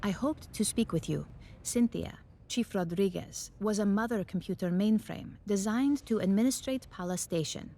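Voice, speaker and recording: A woman's voice: medium pitch, normal speed, dark tone, slight background noise, close to an everyday voice. An actress playing a composed woman giving a formal briefing.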